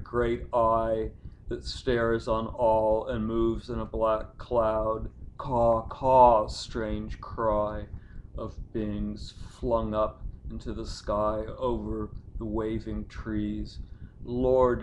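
A man's voice: medium pitch, highs cut off, a little hiss or hum. A poet reading his own poem as an incantatory litany that builds to chanted cries. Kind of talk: poetry reading.

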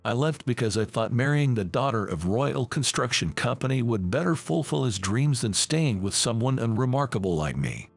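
A man reading as a gentle, loving mother. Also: medium pitch, lively intonation, moderate pace, creaky, hardly any pauses, faint music behind. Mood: tender. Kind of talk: storybook reading.

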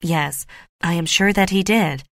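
A woman's voice: on the low side, measured pace, fairly bright tone, dry recording. A woman reading a manipulative young lady, pleading tone, dry close sound.

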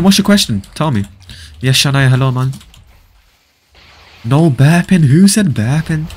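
A man with a mid-range voice hosts a casual live gaming stream, reading viewers' chat aloud, replying, and repeating short stock praise in a laid-back manner.

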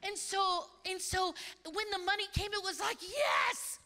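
A woman's voice: very high voice, normal speed. A woman speaking at a conference, telling stories in a sermon and acting out the voices of the people she quotes. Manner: animated storyteller, acts out quoted voices. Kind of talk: sermon with storytelling. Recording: large hall reverb.

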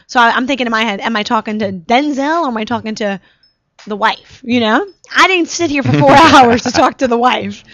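A woman's voice: fairly high pitch, a little fast, fairly bright tone, no room sound. A woman hosting a casual talk show, telling stories in a chatty way full of "like" and "you know". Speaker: host. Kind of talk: casual chat. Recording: dull lo-fi live stream audio.

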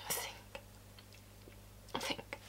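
A woman's voice: takes it slowly, pushed and bright. An actress performing a stage monologue as a blunt, working-class woman who confesses to a killing, swearing and dropping into whispers.

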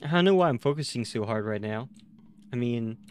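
A man's voice: medium pitch, fairly quick, clean tone. Tired male streamer chatting with chat. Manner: chatty, talks to chat, jumps to loud excitement at scares. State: tired from little sleep. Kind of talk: live gameplay streaming.

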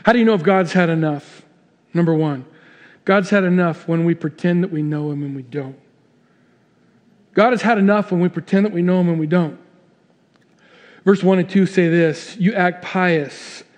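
A middle-aged man preaching a sermon in a church, telling stories with lively voices for the people in them. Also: high voice, normal speed, long pauses, big-room sound. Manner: animated storytelling, voices the people in his examples. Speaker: pastor. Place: church sanctuary.

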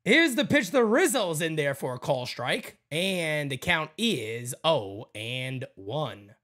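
A man hosting a fan livestream, calling a baseball game pitch by pitch in a casual, excitable way and chatting with viewers between plays. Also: slow pace. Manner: excitable, jumps to loud calls on big plays. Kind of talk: casual play-by-play with chat shout-outs.

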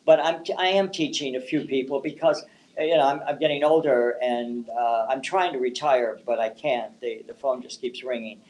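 A man's voice: medium pitch, normal speed, a little mellow, rough recording. An older man, a psychic and palm reader, telling rambling anecdotes in an interview and often restarting his words.

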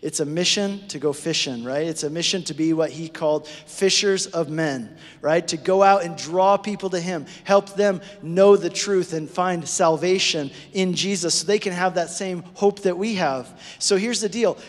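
A man preaching a sermon to his congregation, conversational and animated, often checking in with them. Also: sits high, moderate pace, hardly any pauses. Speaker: pastor. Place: church sanctuary. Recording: preached in a hall with long reverb.

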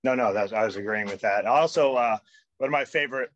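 A man, likely a coach, adding thoughtful, measured remarks to a casual interview. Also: medium pitch, fairly bright tone, dull audio. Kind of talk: casual conversation.

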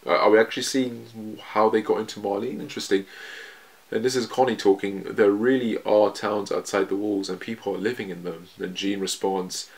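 A man casually reading a manga chapter aloud and reacting to it, quoting the characters and laughing often. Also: lowish voice.

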